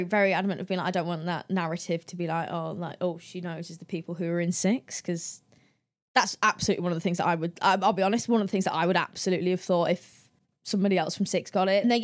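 A young woman, a guest on an interview show, telling anecdotes in a lively, chatty way and acting out the people she quotes with a raised voice and frequent laughs. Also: fairly low pitch, fast talker. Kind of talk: casual interview chat.

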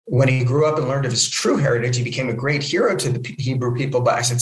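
A man from New Jersey, a guest, telling anecdotes in an animated way and acting out other people's lines. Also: mid-range voice, fast talker, few pauses. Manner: lively storyteller who acts out other people's lines. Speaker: comic book film producer and guest. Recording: echoey room.

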